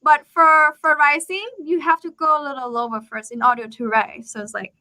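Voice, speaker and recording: A woman whose first language is Thai, teaching tones to a student over a video call, patient and coaching, with sudden high jumps in her demonstrations. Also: fairly even intonation, moderate pace, pushed and bright. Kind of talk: live online lesson.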